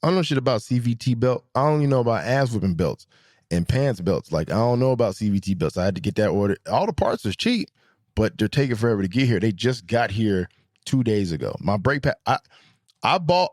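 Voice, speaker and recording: A young adult man telling stories in a casual vlog, joking and profane, jumping between high squeals and low mutters. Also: brisk. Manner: animated, swings from high squeals to low mutters for comic effect. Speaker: vlogger. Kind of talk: casual storytelling monologue.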